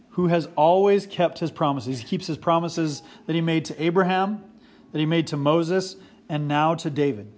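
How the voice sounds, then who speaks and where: Male pastor, 40s, fairly high voice, earnest sermon delivery with repeated emphasis.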